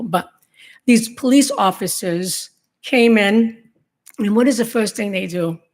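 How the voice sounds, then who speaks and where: A middle-aged woman telling her own story to a room of law enforcement, in a halting, emotional testimony full of restarts. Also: medium pitch, a little mellow. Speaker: survivor giving a talk to law enforcement. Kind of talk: personal testimony speech.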